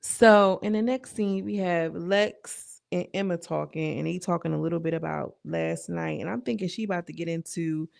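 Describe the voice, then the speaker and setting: A woman's voice: fairly low pitch, normal speed, gravelly, hardly any pauses, a little mellow, no echo, studio quality. A young adult woman recapping a reality show in casual, slangy chat, full of asides to the viewer. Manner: chatty, slangy, retells scenes with lots of asides.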